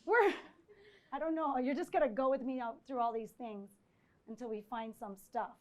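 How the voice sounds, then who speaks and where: Woman professor, high voice, live lecture with audience questions, chatty and animated, keeps asking "right?". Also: moderate pace, slight background noise. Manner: conversational, often checks in with 'right?'; animated, acts out quoted exchanges. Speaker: visiting professor giving a presentation.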